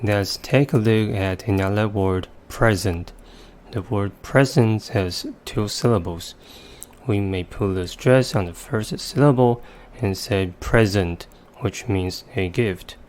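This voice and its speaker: Low, smooth-voiced male teacher. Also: darkish tone. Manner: careful, methodical explaining with slow demonstrative word examples. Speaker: English vocabulary teacher. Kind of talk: scripted instructional narration.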